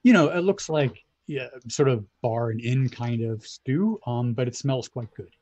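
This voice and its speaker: A man narrating as game master of a tabletop game, with hesitant pauses and many fillers. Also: medium pitch, animated, darkish tone. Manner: hesitant, many ums and likes.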